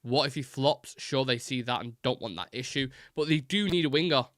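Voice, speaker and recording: Bright-voiced, fast-talking host. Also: male voice, mid-range voice, no room sound, studio quality. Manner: fast-talking, rambling, many fillers. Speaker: host of a live football fan show. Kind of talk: casual live-stream chat, reading chat messages.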